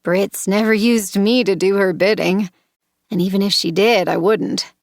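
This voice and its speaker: A woman voicing a smooth, edgy young man. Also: medium pitch, fairly even intonation, a little slow, no echo, clean studio sound, lightly acted.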